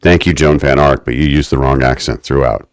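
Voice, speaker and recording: A man co-hosts a podcast, recapping an episode in a wry, mock-academic manner during a casual chat. His voice is a rumbling low, and he talks briskly.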